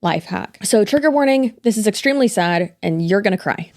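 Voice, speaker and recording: A woman's voice: mid-range voice, animated, fairly quick, darkish tone. A woman in her thirties giving casual commentary, chatty and hedging, with many filler words. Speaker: commentary YouTuber.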